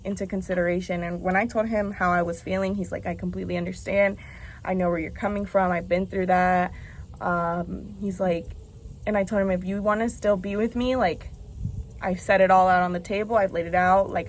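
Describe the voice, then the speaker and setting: A young woman opens up in a candid confessional vlog, talking frankly and chattily with lots of casual fillers. Her pitch sits in a middle range, and a faint hiss runs under the recording. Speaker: vlogger.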